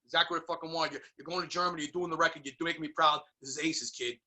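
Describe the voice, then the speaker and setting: A man's voice: fairly high pitch, steady tone, rapid-fire, sharp tone. Man putting on a brash Italian-American manager. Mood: proud.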